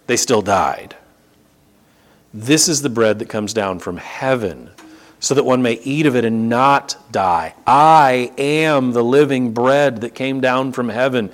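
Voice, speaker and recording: Man, preacher, sermon, lively rising and falling pitch, repeats words for emphasis, slows on key phrases. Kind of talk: sermon reading and expounding scripture.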